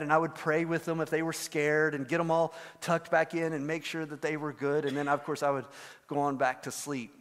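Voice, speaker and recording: A male pastor delivers his sermon with earnest emphasis, leaning on repeated phrases. His voice sits slightly higher than most men's. A long hall reverb from the sanctuary trails every line. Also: fairly bright tone.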